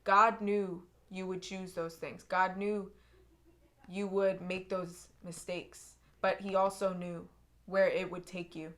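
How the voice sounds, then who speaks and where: A young woman with a somewhat low voice gives a tarot reading straight to her viewers. She speaks earnestly and with feeling, circling back to repeat herself and restarting her sentences as she goes. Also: little pitch movement, slow pace, a bit bright. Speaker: tarot reader.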